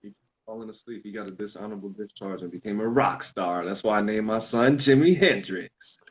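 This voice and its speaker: A young man hosts a relaxed podcast conversation with a fairly low voice, telling rambling stories full of casual swearing. The recording sounds a little dull and lo-fi. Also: fairly quick, slight background noise. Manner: loose storytelling with swearing, mimics others in quotes. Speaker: podcast host. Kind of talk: casual chat.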